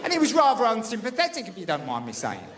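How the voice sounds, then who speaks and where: A stand-up comedian, telling a brash, mock-panicked story on stage. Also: male voice, high voice, huge pitch swings, quick pace, a crowd in the background. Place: live comedy venue with audience. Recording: loud audience laughter, noisy live room.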